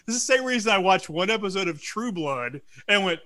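Bright-voiced man telling profane stories. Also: high voice, fairly quick. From South Louisiana. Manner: animated, profane storytelling with frequent restarts. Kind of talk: casual chat.

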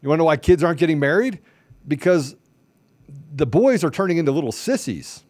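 Brisk and a little high-pitched with lively intonation, a middle-aged man hosts a podcast recorded without any room sound. He launches into a moralizing, heated monologue full of repeated rhetorical questions that swells to near shouting.

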